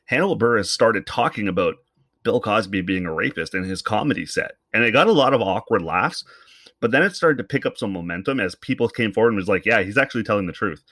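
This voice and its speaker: A man's voice: fairly low pitch, expressive, fairly quick, a bit bright, no echo. A man hosting a solo podcast, talking bluntly and with some swearing in an opinionated, rambling monologue into a podcast microphone. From Canada. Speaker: podcast host.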